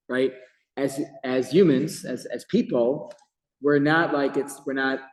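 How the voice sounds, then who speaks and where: A man teaching a Torah class as a rabbi, telling the story with lively emphasis and quoting Hebrew verses. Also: medium pitch. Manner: animated storytelling with Hebrew quotes. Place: office. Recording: echoey room with long reverb.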